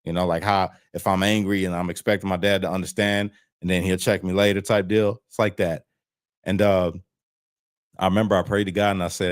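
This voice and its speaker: A man's voice: low voice, level tone, brisk. A man on parole, speaking as an interview guest over a video call, telling his story in a frank, plain-spoken way and swearing freely. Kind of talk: candid casual storytelling.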